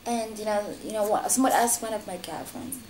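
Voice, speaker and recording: A woman from Africa telling a personal story in a vlog, saying "you know" constantly and jumping high in pitch when she quotes others. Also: a little fast, darkish tone, slight background noise. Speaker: vlogger.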